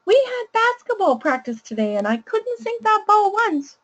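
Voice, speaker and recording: A woman putting on a high, whiny little child. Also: sing-song, normal speed, fairly bright tone, exaggerated voice. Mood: complaining. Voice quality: high-pitched. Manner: complaining, sulky. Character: upset young child telling a parent problems.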